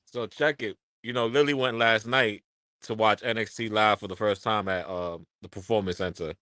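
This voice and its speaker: A man's voice: on the low side, steady tone, moderate pace, bright, forceful tone. A man co-hosting a casual wrestling podcast, trading laid-back jokes. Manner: joking, laid-back banter. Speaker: podcast co-host.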